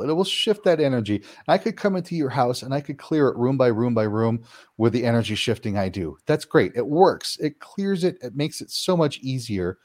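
A man answering interview questions, explaining his work clearing houses and acting out quoted reactions as he talks. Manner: animated, acts out quoted reactions with big pitch jumps. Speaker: paranormal house-clearing practitioner, guest.

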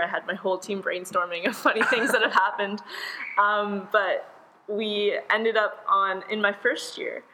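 A young woman with a bright, forward voice tells a story as a podcast guest. She is animated and often breaks into laughter while she talks. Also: mid-range voice, low-quality recording. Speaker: guest, university volleyball player.

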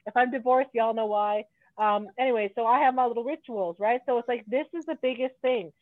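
A woman's voice: a little high, brisk, no room sound. A woman in casual chat, blunt and rambling, swearing freely as she talks. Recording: tinny phone-like sound.

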